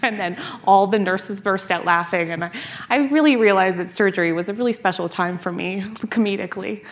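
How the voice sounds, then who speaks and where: A woman in her thirties from North America, a scholar and author telling stories in an interview, animated, laughing and restarting her sentences often. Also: medium pitch. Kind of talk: conversational interview.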